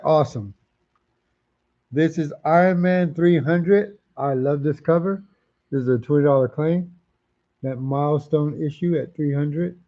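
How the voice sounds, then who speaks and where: A man running a live comic auction, chatting away and repeating each price and title as he goes. His voice sits a little high but sounds mellow and dark in tone. The stream audio is dull and lo-fi. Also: measured pace. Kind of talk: casual live-stream selling.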